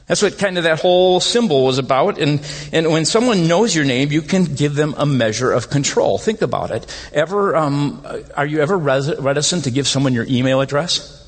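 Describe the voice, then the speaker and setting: A man preaching a sermon as pastor, animated and conversational, often rising in pitch to stress a point. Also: moderate pace. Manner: animated, rises in pitch when making points. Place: church sanctuary. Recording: long hall reverb.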